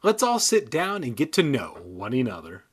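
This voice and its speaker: A man voicing a gentle, fussing mother who speaks in a sweet hostess tone. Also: mid-range voice, huge pitch swings, normal speed, husky. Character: fussy, gentle suburban mother.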